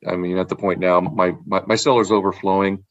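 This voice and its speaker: A man's voice: sits low, flat delivery, brisk, no room sound, lo-fi sound. A man in casual chat, rambling about wine with repeated words and frequent laughs. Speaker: podcast guest, wine collector.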